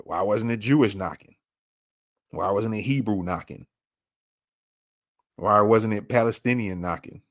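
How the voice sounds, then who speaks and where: A man's voice: on the low side, fairly bright tone, no room sound, studio quality. A man hosting a podcast, commenting on a clip with emphatic, repeated rhetorical questions. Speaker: podcast host.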